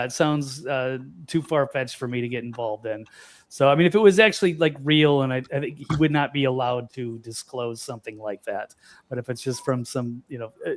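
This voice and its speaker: Man, panel guest, mid pitch, hesitant, lots of fillers, cautious. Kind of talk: casual panel talk.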